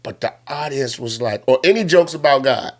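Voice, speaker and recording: A man's voice: medium pitch, normal speed. A man from Chicago, a guest comedian, telling stories in a casual, slangy way. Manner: animated joke telling with slang. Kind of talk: casual storytelling.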